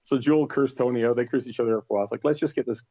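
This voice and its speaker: A man's voice: medium pitch, very fast, no echo, muffled recording. A middle-aged man casually telling a story, acting out the other people's lines in livelier voices. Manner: animated, acts out voices in quotes. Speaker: podcast guest.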